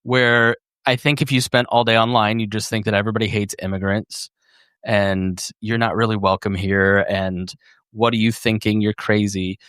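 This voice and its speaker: Man, podcast host, casual rambling questions, smooth resonant voice, dry sound. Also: lowish voice, level tone, normal speed, fairly bright tone, dry recording. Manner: casual, loose questions with restarts. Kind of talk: conversational interview.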